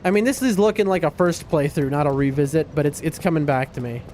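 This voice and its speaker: A man's voice: a little high, quick pace, a little mellow, a little hiss or hum. Joking man streaming a game. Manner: joking, playful, talks back to the game. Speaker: livestream gamer host. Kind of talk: casual gaming stream commentary.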